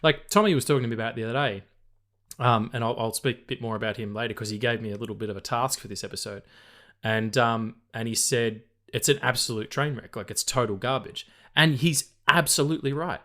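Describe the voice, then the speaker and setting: A man's voice: mid-range voice, steady tone, quick pace, fairly bright tone. A man co-hosting a casual film podcast, rambling with lots of fillers, restarts and swearing. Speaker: podcast co-host.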